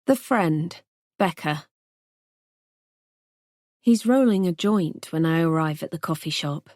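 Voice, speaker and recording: A woman narrating a first-person thriller audiobook in a tense, measured way. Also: fairly low pitch, lively intonation, darkish tone, no room sound, clean studio sound.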